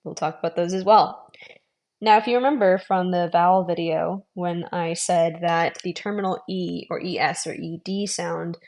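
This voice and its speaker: A woman giving an online language lesson, modelling sounds slowly, repeating them and adding friendly, encouraging asides. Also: fairly low pitch, fairly even intonation, darkish tone. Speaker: language teacher.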